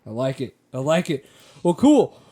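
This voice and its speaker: A man's voice: a little high, very animated, moderate pace, a crowd in the background. An American man hosting a casual podcast, rambling and joking with plenty of fillers. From United States. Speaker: podcast host.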